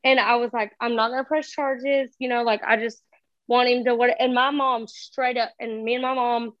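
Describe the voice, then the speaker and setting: Casting: high-pitched woman, animated and profane storyteller, dry dull recording. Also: moderate pace, dry recording. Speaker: guest telling a story. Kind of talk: casual storytelling chat.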